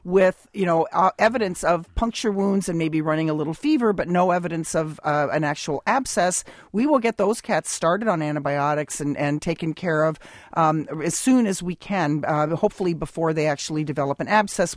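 A woman's voice: sits low, dry recording, studio quality. A woman veterinarian giving advice on a call-in radio show, explaining patiently with frequent ums and restarts. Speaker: veterinarian guest. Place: radio studio.

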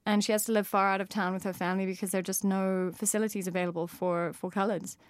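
A woman's voice: mid-range voice, flat delivery, fast, no echo. A woman author with a South African accent, talking thoughtfully in an interview with frequent fillers and restarts.

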